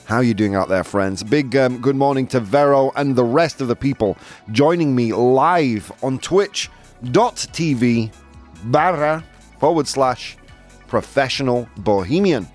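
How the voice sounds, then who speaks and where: Lively jovial man hosting a show. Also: mid-range voice, a little slow, faint music behind. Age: 40s. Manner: jovial and playful, laughs often. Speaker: host. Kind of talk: live show hosting chat.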